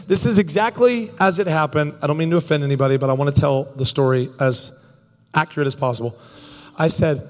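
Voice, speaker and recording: Animated preacher with hall echo. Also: male voice, a little high. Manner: animated and joking, quick bursts of speech. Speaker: pastor. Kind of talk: sermon with humorous storytelling.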